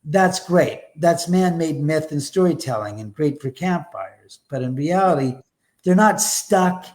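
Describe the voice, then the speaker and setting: A man's voice: fairly high pitch, animated, unhurried, a little mellow. A man talking as a guest on a live show, emphatic and rambling, with blunt remarks and mild swearing. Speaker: guest, haunted house owner. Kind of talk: animated conversational storytelling.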